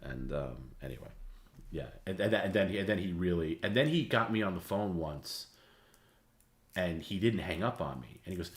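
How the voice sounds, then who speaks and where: A man hosting a livestream and casually telling stories, rambling and halting as he repeats words. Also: low voice, lively intonation. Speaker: livestream host. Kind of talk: casual storytelling.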